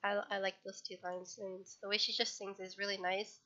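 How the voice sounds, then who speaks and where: A woman talks casually on a livestream, her voice bright and fairly flat in pitch. She rambles, restarts sentences and corrects herself. The sound is dull, like low-fidelity stream audio. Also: moderate pace.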